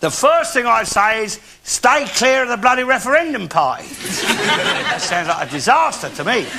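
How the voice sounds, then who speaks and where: An actor playing a bigoted, blustering older Londoner with a Cockney accent, boasting and ranting coarsely in a live character monologue. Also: male voice, very high-pitched, sing-song, moderate pace, vocal fry, heavily acted. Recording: live theatre with loud noise and laughter.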